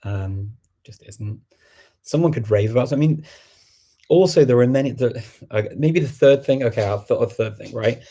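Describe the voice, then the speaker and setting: A man's voice: mid-range voice, normal speed, mellow. A middle-aged man hosting a casual livestream Q&A, rambling and thinking aloud with many fillers. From England. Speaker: host. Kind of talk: livestream Q&A chat.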